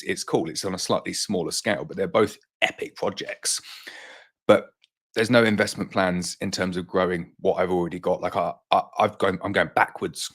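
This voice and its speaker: A middle-aged man with a British accent and a very deep voice chats loosely through a live stream. He talks off the cuff, doubling up words as he thinks aloud, and sounds a little out of breath. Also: fairly bright tone, slightly rough. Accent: British English. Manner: chatty, repeats words while thinking aloud. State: slightly out of breath. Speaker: beekeeper hosting a live Q&A stream. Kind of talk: casual live-stream chat.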